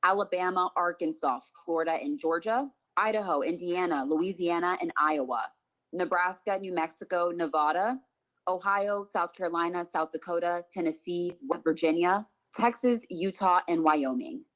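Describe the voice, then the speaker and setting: A woman with a fairly low voice narrates a scripted news explainer. Her reading is steady and even, and she keeps a measured pace throughout. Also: poor audio.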